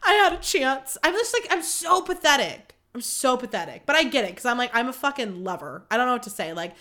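A young woman hosting her own podcast, ranting candidly about dating, dramatic and self-mocking, swearing freely and swinging between loud outbursts and low mutters. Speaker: podcast host. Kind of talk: candid solo podcast monologue.

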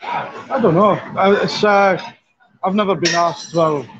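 A man's voice: high voice, slow pace, fairly bright tone. Laid-back man, bar owner guest. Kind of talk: casual chat. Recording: dull lo-fi livestream audio.

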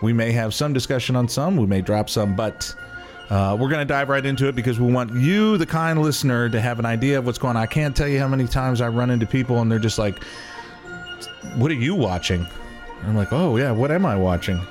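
A man's voice: medium pitch, quick pace, soft background music. A man hosting a podcast in casual chat, rambling and poking fun at himself as he talks. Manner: rambling, self-mocking, trails off and restarts. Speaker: podcast host.

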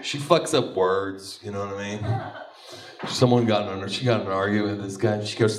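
A man doing a stand-up comedy set, crude and animated, often laughing between lines. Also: lowish voice, fairly quick, a little hiss or hum. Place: comedy club stage.

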